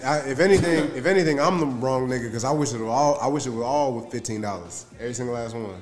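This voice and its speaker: A fast-talking man with a Toronto accent, telling stories with quick put-on voices in casual banter. His voice sits at a middle pitch. The room around him sounds echoey. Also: a crowd in the background. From Toronto, Canada. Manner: animated storyteller, slips into put-on voices. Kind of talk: casual group chat.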